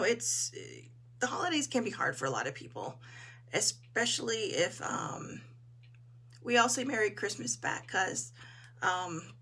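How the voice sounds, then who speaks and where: A woman hosting a casual live talk, her voice hoarse as she chats in an encouraging way and greets viewers. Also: fairly high pitch, fairly bright tone. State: hoarse, clearing her throat. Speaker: host.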